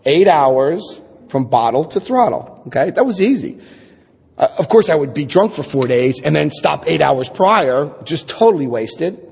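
Husky man telling his story. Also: a little high, unhurried. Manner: animated storyteller, acts out quotes, wry asides. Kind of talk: personal testimony talk to an audience. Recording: echoey hall.

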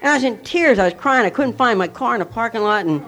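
A man's voice: extremely high pitch, expressive, fast talker, bright, forceful tone, a faint crowd. A man sharing a personal recovery story with a candid, self-mocking manner. He rambles, using many fillers and restarts.

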